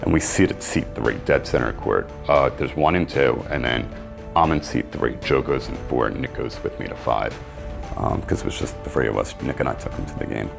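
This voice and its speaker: A middle-aged man with a very deep voice tells a story as an interview guest, gravelly and low, acting out the lines of the people in it. Soft music plays underneath. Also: fairly quick. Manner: animated storyteller, acts out quotes. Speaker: interview guest, sports marketing agent.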